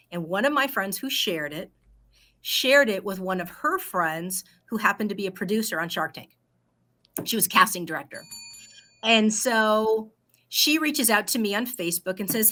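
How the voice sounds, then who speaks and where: A middle-aged woman with a bright, clear tone tells her story as a guest in a casual interview. She is animated and acts out the people she quotes, and her pitch sits in an ordinary middle range for a woman. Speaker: guest entrepreneur.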